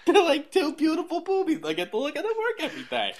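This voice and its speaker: A woman putting on the voice of a blunt, rude male TV doctor, mock-deadpan and breaking into laughter. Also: very high voice, brisk, exaggerated voice.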